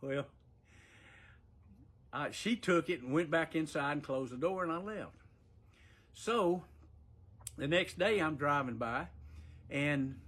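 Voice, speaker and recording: A man's voice: on the high side, fairly bright tone, husky. A man casually telling a personal story in a folksy way, with fillers and chuckles.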